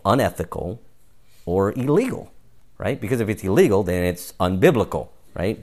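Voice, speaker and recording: A very deep-voiced man preaching a sermon in a relaxed, conversational way. He tends to close his points with a quick "right?" and slips into brief acted-out exchanges along the way. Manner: conversational, often adds "right?" to each point; acts out little quoted exchanges in passing.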